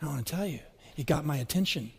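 A man's voice: fairly high pitch, animated, fast talker, vocal fry, darkish tone, breathy edge. A middle-aged man preaching a sermon, telling stories with rising, swelling emphasis. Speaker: pastor.

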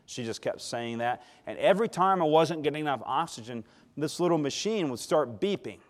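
A male preacher telling a personal story in a sermon, shifting between loud emphasis and hushed tones and calling for responses from the congregation. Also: fairly high pitch, animated, a little fast. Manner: calls for audience response.

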